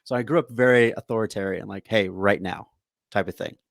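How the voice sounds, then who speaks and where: A man hosting a podcast, telling stories in a lively way and laughing often. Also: lowish voice, a little fast, vocal fry, no room sound, clean studio sound. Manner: animated storyteller, laughs often. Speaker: podcast host. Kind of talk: casual podcast conversation.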